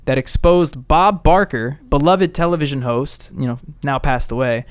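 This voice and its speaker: A young man hosting a casual podcast chat, telling a story in an animated way and swearing freely. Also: medium pitch, moderate pace, clear, resonant tone, no room sound. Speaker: podcast host.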